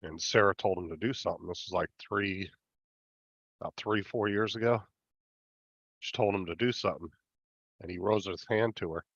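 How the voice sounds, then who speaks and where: A man's voice: low-pitched, moderate pace, pauses often, a bit bright, no room sound. A man, an uncle, talking bluntly and profanely in casual chat. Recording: dull dry lo-fi sound.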